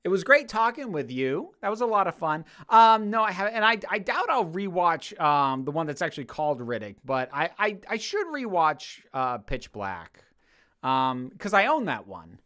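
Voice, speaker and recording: A man's voice: a little high, very animated, normal speed, pushed and bright. A man from the United States hosting a livestream, casually answering chat questions with rambling jokes and lots of fillers and restarts. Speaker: YouTube host answering chat.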